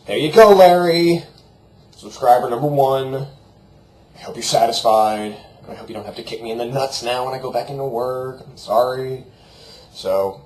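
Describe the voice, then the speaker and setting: A man's voice: medium pitch, darkish tone. A young man vlogging from his room at the computer, chatting in a jokey, rambling, off-the-cuff way. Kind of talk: rambling casual vlog. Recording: roomy echo, faint background noise.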